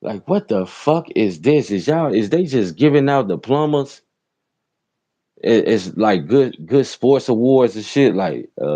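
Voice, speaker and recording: A man's voice: medium pitch, sing-song, unhurried, dark tone. A man from Chicago, a rideshare driver and show host, giving loose, profane ranting commentary from inside a car and repeating "real talk" often.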